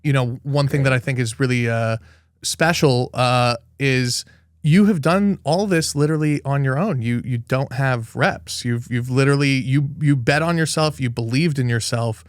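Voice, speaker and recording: A man's voice: medium pitch, moderate pace, no echo, studio quality. A man hosting a podcast, asking a guest long earnest questions in casual talk. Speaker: podcast host. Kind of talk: casual interview chat.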